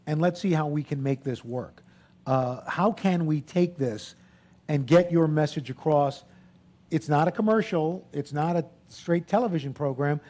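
A man in his sixties speaks in a high voice for a man, relaxed and chatty. He tells anecdotes to an audience, acting out the people he quotes, then shifts easily into business talk. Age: 60s. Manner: lively storyteller, acts out quotes. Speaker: guest speaker. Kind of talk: animated anecdotes on stage. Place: event hall with audience.

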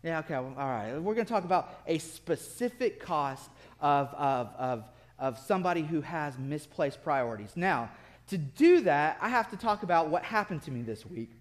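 A man preaching a sermon as pastor, telling a story with bursts of laughter and then dropping to quiet intensity. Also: a little high, animated, normal speed. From city-raised. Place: church sanctuary. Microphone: lectern mic at a podium.

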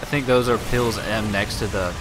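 A let's play host with a fairly low, fairly even voice talks at a moderate pace over game music. His casual gameplay commentary is loose and offhand, with frequent restarts and some swearing.

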